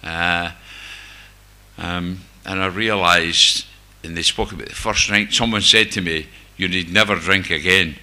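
His voice is low, bright and forceful, unhurried, with fairly even intonation. An older man from near Glasgow with a Glasgow-area Scottish accent, he tells a group his own recovery story openly and with self-deprecating wit.

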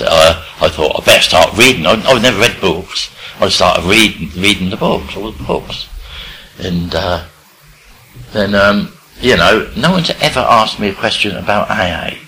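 An older man from England, telling his life story in a rambling, halting way with many restarts. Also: sits low, pushed and bright, rough recording. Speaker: recovery speaker sharing his story. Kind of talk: personal storytelling.

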